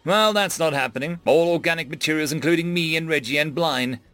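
A man's voice: fairly high pitch, a little fast, a bit bright, soft background music, pitched above the performer's own voice, close to an everyday voice. A man voicing an easygoing young human man who thinks aloud in a casual way.

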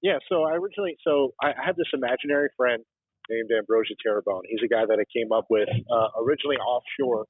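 A husky man's voice coming through a narrow, phone-like line, dry and close. He talks loosely and rambles through his stories as a podcast guest, with plenty of fillers and restarts and the odd swear. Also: mid-range voice, fast talker, no room sound. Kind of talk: casual storytelling chat.

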